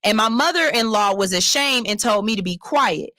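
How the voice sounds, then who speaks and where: A woman's voice: medium pitch, normal speed, no room sound. A woman, hosting a radio show, talking bluntly and profanely and reading out a listener's letter. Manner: blunt, profane and animated, slipping into loud mocking voices for her stories. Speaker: radio host. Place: radio studio. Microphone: studio microphone.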